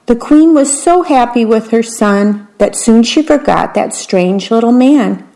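A woman reading a fairy tale aloud, gentle with wry asides. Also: on the high side, lively intonation, measured pace. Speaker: storyteller.

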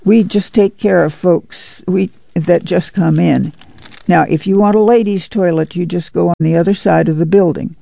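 Narrator voicing a gravelly, stern old man, harsh and proud. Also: sits high, fairly even intonation, normal speed, warm tone, dry recording, muffled recording, full character voice. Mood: kindly. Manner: harsh, then kindly, plain rural speech. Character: stern proud elderly man, camp sanitary worker.

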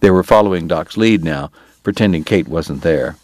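A man narrating a historical western novel in even, measured storytelling. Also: deep voice, dry recording. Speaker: audiobook narrator. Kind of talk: scripted narration.

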